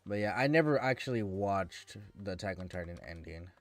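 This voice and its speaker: A man's voice: deep voice, expressive, fairly quick, no echo. A man streaming and chatting casually with viewers, ranting in an exasperated way and often restarting his sentences.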